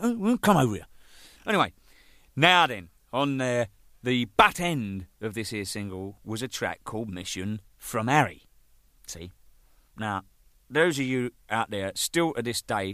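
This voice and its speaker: A man recounts band stories with plenty of swearing and laughter. His pitch swings widely and his tone is bright. The recording is dry and close. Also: no room sound. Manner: animated, swearing, laughing, shouting out quoted lines. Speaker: band drummer telling stories. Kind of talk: casual storytelling monologue.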